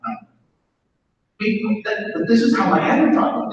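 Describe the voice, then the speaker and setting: A man's voice: high-pitched, a little slow, long pauses. A man giving candid, wry personal testimony as a speaker at a recovery meeting in a large meeting hall. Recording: echoey hall, distant dull mic.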